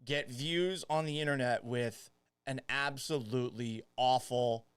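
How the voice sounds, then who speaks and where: Sports podcast dude cracking jokes at himself, smooth voice, dry close sound. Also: male voice, mid-range voice, a little slow, dry recording. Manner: joking, self-mocking. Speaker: podcast host. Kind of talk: casual sports talk monologue.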